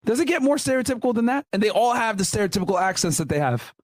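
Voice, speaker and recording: High-voiced laughing young man, very dry sound. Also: sing-song, rapid-fire, dry recording. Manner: loud, laughing, slangy, swearing often. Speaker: commentary host. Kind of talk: casual reaction commentary.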